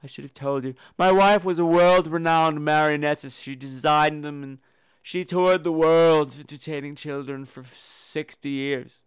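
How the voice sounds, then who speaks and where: A man's voice: fairly high pitch, fairly even intonation, a little slow, clear, resonant tone, dry recording, natural voice. A man voicing an elderly mournful man who speaks in a formal, ominous way. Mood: grave, ominous.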